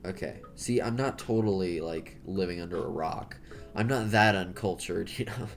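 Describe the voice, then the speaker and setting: A man's voice: deep voice, normal speed, creaky, soft background music. Rambling American guy chatting while drawing. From United States. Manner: rambling, self-correcting, jokey. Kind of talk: casual chat while drawing.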